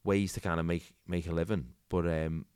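A man hosting casual comedic chat, joking and animated. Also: low-pitched, normal speed, smooth, no room sound, clean studio sound.

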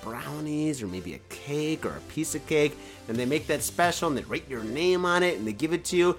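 A man hosting a casual solo podcast from home, rambling and swearing as he drinks, a bit tipsy. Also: medium pitch. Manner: profane, rambling, animated. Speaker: podcast host. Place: home in Japan, indoors.

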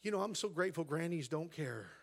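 A man preaching a sermon as pastor, with an American accent, telling a story quietly and then rising to loud, shouted preaching in a church. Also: on the high side, animated, quick pace, creaky, noisy background. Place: church sanctuary.

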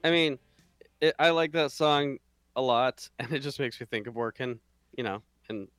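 A man's voice: mid-range voice, normal speed, fairly bright tone, no echo, soft background music. A man hosting a podcast in casual chat, laid-back and joking, often laughing. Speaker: podcast host.

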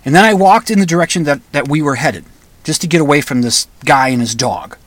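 A man's voice: fairly high pitch, fairly quick, no echo. Man telling a personal story, dry sound. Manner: conversational, restarts, flares into loud angry outbursts.

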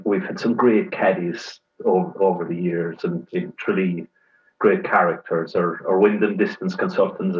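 An Irish man who works at a golf club, recalling his days in an easygoing way and trailing off mid-thought. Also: sits low. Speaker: golf club staff, panel guest. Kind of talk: casual recollection. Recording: dull muffled sound.

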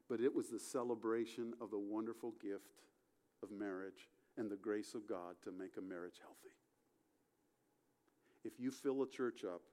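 Middle-aged male pastor, sermon storytelling, dynamic swings in volume. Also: on the low side. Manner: storytelling with acted-out dialogue, swings from loud to hushed.

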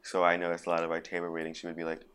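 A man's voice: sits low, very fast, clear, resonant tone. A young man, a poet and actor, chatting as a podcast guest and acting out the voices of people he quotes. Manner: animated, acts out quoted voices of others. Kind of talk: casual interview conversation.

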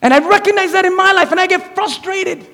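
A pastor preaching a sermon in a church, swinging between quiet, intimate lines and loud, animated appeals. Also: male voice, very high-pitched, a little fast, in a large hall. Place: church sanctuary.

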